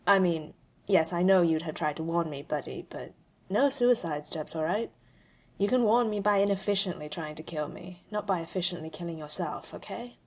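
A woman's voice: fairly low pitch, normal speed, a little mellow, breathy edge. A woman voicing a brash male genius inventor who talks casually and sounds worried about his AI. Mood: urgent.

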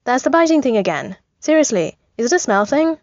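A woman's voice: high-pitched, sing-song, a little fast, darkish tone, dry recording, voice pushed up. A brash, wisecracking inventor who grumbles and teases, as a woman narrator puts him on. His lines come through slightly muffled, with no room sound at all. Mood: sarcastic. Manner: sarcastic, complaining.

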